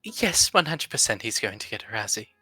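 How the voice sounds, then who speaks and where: A man's voice: fairly low pitch, big pitch swings, brisk, bright, forceful tone, husky, no echo, soft background music. A young man playing a tabletop role-play game, earnestly narrating his character's actions.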